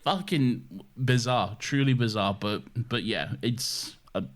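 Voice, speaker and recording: A man co-hosting a podcast, talking in an excitable, emphatic way with a lot of swearing. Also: mid-range voice, slow. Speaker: podcast co-host. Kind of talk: casual chat.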